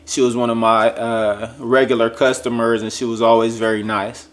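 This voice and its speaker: A man's voice: medium pitch, normal speed. Jokey man telling a story. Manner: lively, jokey storytelling that acts out other people's lines; addresses viewers directly and casually. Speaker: vlogger sharing a faith testimony. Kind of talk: personal storytelling to viewers.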